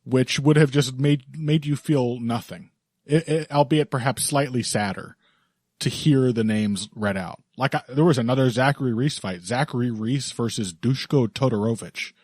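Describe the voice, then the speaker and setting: A man's voice: mid-range voice, moderate pace, a little mellow, dry recording, studio quality. A man hosting a podcast in casual chat, laughing often and rambling with restarts. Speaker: podcast host.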